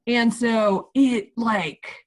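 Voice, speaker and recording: A woman's voice: a little high, fairly even intonation, drawn-out words. A woman guest on a casual book chat, talking in a rambling, heartfelt way with many restarts. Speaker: podcast guest.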